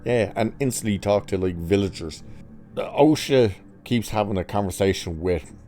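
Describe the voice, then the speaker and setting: A man's voice: on the low side, normal speed, dark tone, soft background music. A man reviewing a TV episode in a sarcastic, mocking rant, swearing casually as he picks apart the plot. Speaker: TV review vlogger.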